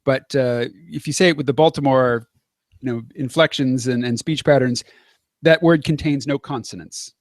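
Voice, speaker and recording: An American man explaining points in a measured, thoughtful way, pausing on fillers as he goes. His voice sits at an ordinary middle pitch. The recording is dry, with no room echo around it. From United States. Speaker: conversation partner. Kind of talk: casual chat.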